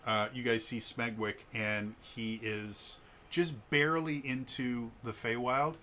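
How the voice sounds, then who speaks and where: Man as casual game master, bright tone, rambling with fillers. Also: mid-range voice, steady tone, takes it slowly, slight background noise. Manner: casual, with filler words and playful asides. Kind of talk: narrating a tabletop game.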